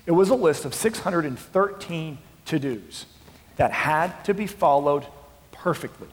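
A male pastor preaching a sermon, dropping to a hush and then rising to passionate shouting. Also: on the high side, animated, measured pace. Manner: swings from hushed to impassioned shouting. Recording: long hall reverb.

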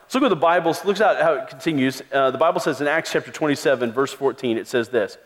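A man's voice: mid-range voice, fast talker. Emphatic preaching man in a reverberant hall. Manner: emphatic preaching, raising the voice for stress. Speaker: pastor. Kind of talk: sermon.

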